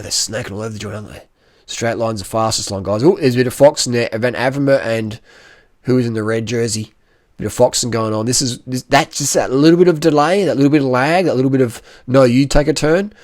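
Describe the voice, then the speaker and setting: A man commenting casually over race footage in an excitable, slangy way, full of exclamations. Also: mid-range voice, no room sound, studio quality. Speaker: cycling vlogger.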